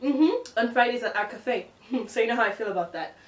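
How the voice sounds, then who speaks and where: A young woman from Uganda chatting fast and excitedly in a casual vlog, given to exasperated, swearing rants. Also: a little high, distant mic. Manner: fast, excitable talker who speeds up. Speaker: vlogger. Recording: roomy, from the mic.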